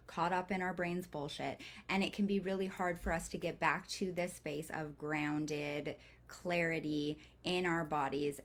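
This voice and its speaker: Woman, workshop leader recording at home on a computer mic, casual, rambling delivery with fillers and the odd curse. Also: fairly low pitch. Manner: casual and chatty, loose with swearing; rambling, with frequent fillers and restarts. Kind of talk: live online workshop lesson.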